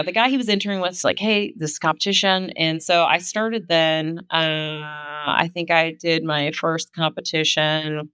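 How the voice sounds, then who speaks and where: A woman, a kettlebell athlete, talking through her career in a relaxed way with lots of fillers on a podcast. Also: low-pitched, clear, resonant tone, no room sound. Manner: laid-back storytelling with many fillers. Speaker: guest, kettlebell sport athlete. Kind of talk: casual podcast conversation.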